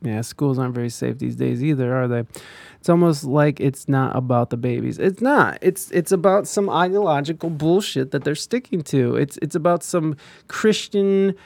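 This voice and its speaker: A man's voice: a little high, vocal fry, a little mellow, no echo. A man ranting in casual commentary, profane and heated, rambling with many restarts.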